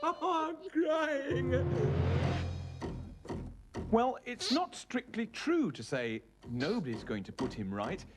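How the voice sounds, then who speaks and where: A man presenting and narrating a children's puppet show in a playful storytelling way. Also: on the high side. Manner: playful, storytelling, prone to giggling fits. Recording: hissy old tape.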